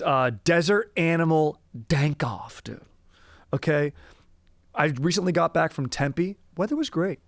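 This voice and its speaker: A young man hosting a casual comedy podcast, excitable, swearing and saying "dude" often. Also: on the high side, measured pace, no room sound, clean studio sound. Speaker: podcast host. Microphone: headphones on.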